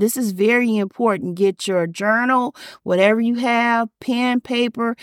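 A woman's voice: medium pitch, dry recording, studio quality. A woman pastor and podcaster preaching an emphatic, repetitive sermon and reading scripture aloud.

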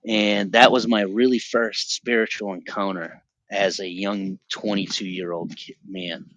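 A man's voice: lowish voice, little pitch movement, measured pace, fairly bright tone, no echo. A man in his thirties from Massachusetts, telling his faith testimony as a podcast guest in a loose, emotional, slangy way over a remote call. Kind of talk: casual storytelling. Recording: dull lo-fi call audio.

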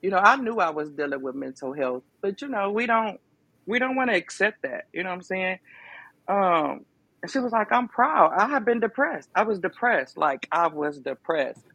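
Gravelly-voiced woman telling her story. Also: mid-range voice, lively intonation, normal speed, a bit bright, no echo. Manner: emphatic, conversational, lots of fillers. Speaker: podcast guest. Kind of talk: casual testimony.

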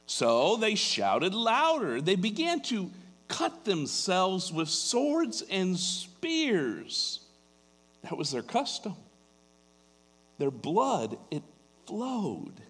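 A man's voice: sits high, wildly swooping pitch, very slow, long pauses, a bit bright. A man preaching a sermon, telling a Bible story dramatically and building to emphatic peaks. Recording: long hall reverb.

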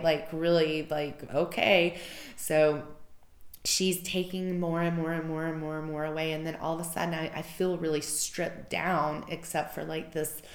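A woman's voice: sits low, echoey room. A woman hosting a podcast, telling a personal story in an emotional, rambling way with many fillers.

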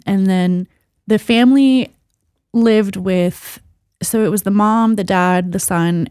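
A woman's voice: medium pitch, darkish tone, dry recording, studio quality. A woman co-hosting a podcast, telling a story in a casual, rambling way full of fillers. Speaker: podcast co-host.

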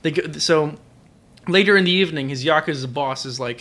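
A man's voice: on the high side, a little fast, bright, forceful tone, a little hiss or hum. A drunk man on a podcast casually recapping an anime, rambling with lots of fillers and restarts. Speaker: podcast co-host.

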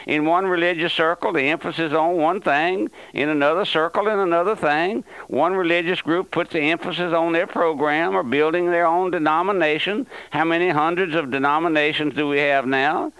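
A man's voice: on the high side, steady tone, normal speed, few pauses, a bit bright, smooth, no room sound, rough recording. An older man, a pastor, preaching a radio sermon with emphatic repetition.

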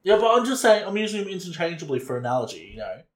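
Lively joking male podcast host. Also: fairly high pitch, racing, echoey room. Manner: joking, crude, frequent laughter. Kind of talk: casual podcast banter.

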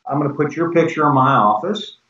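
An older man, a former company president, telling business stories in a lively conversational way, acting out quoted dialogue as he goes. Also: a little high, fairly quick. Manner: animated anecdotes with quoted dialogue. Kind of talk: conversational storytelling. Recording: echoey, distant, dull sound.

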